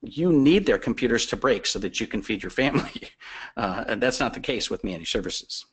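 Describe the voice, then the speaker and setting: A man speaks as a guest expert on a webinar. He talks in a mid-pitched voice, conversational and persuasive, and drops in stories to make his points. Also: animated, brisk, breathy edge. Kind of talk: explaining business advice on a webinar.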